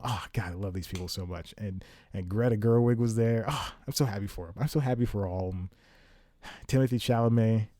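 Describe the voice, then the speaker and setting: A man's voice: on the low side, mellow, no room sound. A man hosting a casual solo podcast from home, rambling, restarting his sentences and laughing often. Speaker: podcast host.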